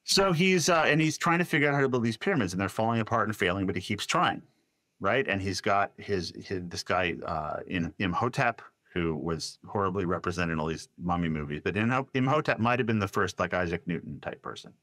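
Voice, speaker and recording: Low voiced guy spinning a story, dry close sound, lots of restarts. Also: brisk, no room sound. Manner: animated storyteller, quotes voices, many restarts. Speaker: podcast guest. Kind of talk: storytelling in a casual interview.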